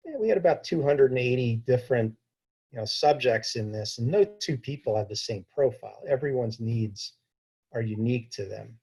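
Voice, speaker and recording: Husky-voiced man, educator fielding questions, calm and explanatory, video call. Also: mid-range voice, normal speed, low-quality recording. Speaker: diabetes educator answering questions. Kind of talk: informal Q&A talk.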